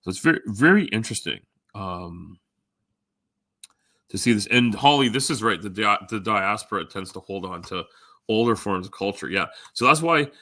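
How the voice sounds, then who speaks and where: A middle-aged man hosts a livestream, chatting with viewers in a loose, rambling way full of ums and restarts. His voice sits on the low side but comes across bright and sharp. The sound is dry and close. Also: animated, normal speed, no room sound. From Canada. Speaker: livestream host. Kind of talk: casual chat with live viewers.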